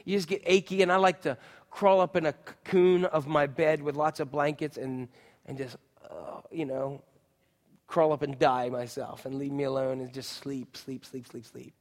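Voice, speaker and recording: A man preaching a sermon as pastor, animated, acting out quotes and putting questions to his listeners. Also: mid-range voice, normal speed, big-room sound. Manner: animated, acts out quotes and asks the congregation questions.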